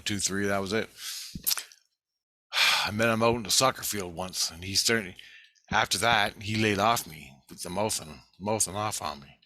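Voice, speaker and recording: A middle-aged man telling rambling, profane stories from his past in a casual monologue, getting loud when excited. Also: low-pitched, no room sound. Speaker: vlogger.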